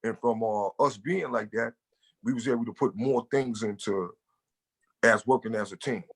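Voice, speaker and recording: A man's voice: mid-range voice, moderate pace, vocal fry, husky. A man from the Bronx with a New York accent, talking loosely as an interview guest and leaning on "you know". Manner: loose, street-casual, leans on "you know". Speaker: guest, hip-hop artist. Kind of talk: casual interview talk.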